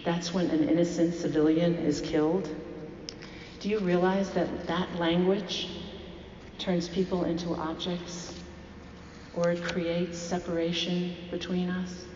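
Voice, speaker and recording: A woman's voice: fairly low pitch, a little mellow, a little hiss or hum. A woman preaching a sermon, telling a story and asking the congregation rhetorical questions. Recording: echoey hall, dull lo-fi sound.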